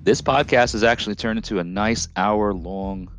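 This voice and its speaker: A man's voice: on the low side, moderate pace, faint music behind. A man hosting his own podcast alone, rambling and joking casually with lots of fillers. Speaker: podcast host.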